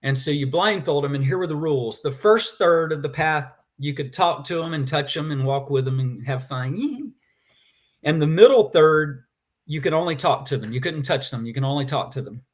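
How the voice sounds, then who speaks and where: A man's voice: a little high, moderate pace. A man, a guest in a conversation, telling a personal story with feeling and animation.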